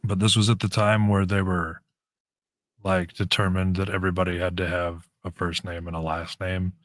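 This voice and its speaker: A man with a raspy voice, a guest telling stories casually in an interview and acting out the lines of people in them. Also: deep voice, moderate pace, dry recording. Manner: animated storyteller, acts out quoted lines.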